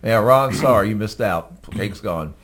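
A man's voice: lowish voice, expressive, measured pace, fairly bright tone. A man co-hosting a radio morning show in the studio, laid-back, laughing easily and asking the guest questions. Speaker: radio co-host. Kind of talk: casual on-air banter.

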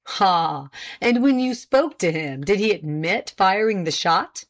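A woman voicing a formal male prosecutor who questions a witness deliberately and pointedly. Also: medium pitch, animated, lightly acted. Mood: probing.

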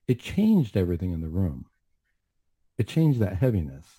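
A man's voice: deep voice, huge pitch swings, normal speed, mellow, slightly rough, dry recording. A man who works as a counselor, giving an earnest, reflective faith testimony on a talk show with many asides. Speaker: mental health counselor.

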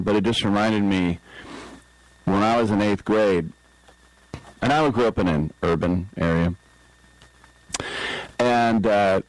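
In a radio studio, a middle-aged man with a deep voice hosts sports talk radio through a studio microphone, and the recording sounds dry and rough. He spins a rambling story, acting out the voices of the people he quotes.

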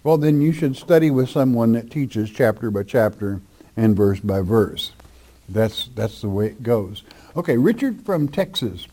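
A male pastor answers listener questions in a Bible Q&A, his voice warm and dark in tone, mid-range and expressive. He's blunt and plain-spoken, slowing down to spell points out with emphasis.

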